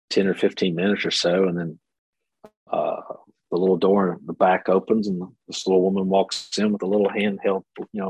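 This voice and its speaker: A man with a low, husky voice spins a story on a podcast, acting out each person he quotes. The sound is close and dry, with no room around it. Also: darkish tone, no room sound, rough recording. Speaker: podcast guest. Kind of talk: casual storytelling.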